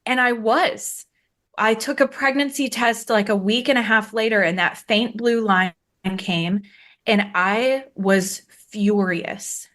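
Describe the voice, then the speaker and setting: A woman's voice: a little high, takes it slowly, a bit bright. A woman in her thirties telling her own story in a candid interview, frank and plain-spoken, acting out the people she quotes with a raised voice. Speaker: guest.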